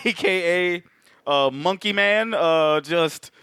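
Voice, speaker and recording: A man's voice: a little high, slow, pushed and bright, clean tone, no room sound, clean studio sound. A man co-hosting a podcast in casual, joking, profane banter, sometimes reading notes in a dramatic announcer tone. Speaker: podcast co-host.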